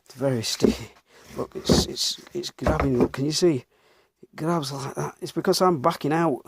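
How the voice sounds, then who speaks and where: He's a Northern English man from England with a fairly high pitch and a moderate pace, a bit breathless as he gives blunt running commentary on his woodworking. Muttering as he works, he swears mildly at times. Planing, rubbing and other wood noises are clearly audible in the workshop behind him.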